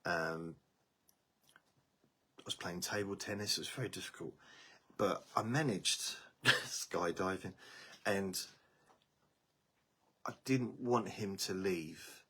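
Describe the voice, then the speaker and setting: A man chatting casually on a live stream from home, talking slowly and meandering, his voice tiring. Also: low-pitched, a bit bright, slightly rough.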